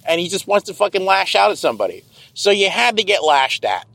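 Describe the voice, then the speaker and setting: A man's voice: high voice, very animated, fairly quick, creaky, pushed and bright, no room sound, poor audio. A middle-aged man hosting a podcast, ranting in a casual, sarcastic and profane monologue from his car. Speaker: podcast host. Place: car, driving.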